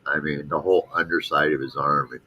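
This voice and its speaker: Man, middle-aged, very low voice with a forceful edge, laid-back chatty delivery. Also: little pitch movement, brisk, slight background noise. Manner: laid-back, peppers speech with dude and you know. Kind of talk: casual chat.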